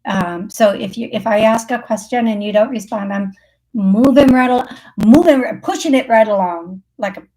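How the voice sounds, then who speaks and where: Fairly high-pitched and warm, this woman's voice moves at normal speed. As the psychic medium hosting a live call-in show, she's chatty through her readings, laughs frequently and uses many fillers as she thinks aloud.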